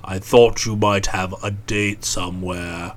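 A woman reading an audiobook who voices a gruff, touchy young Englishman, answering in guarded, curt replies. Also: extremely low pitch, steady tone, unhurried, pitched below the performer's own voice. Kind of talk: audiobook character voice.

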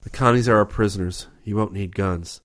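A man's voice: on the low side, fairly quick, fairly bright tone, dry recording, clean studio sound, lightly acted. A man voicing a wounded young space officer who speaks in tired, clipped commands. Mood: weary.

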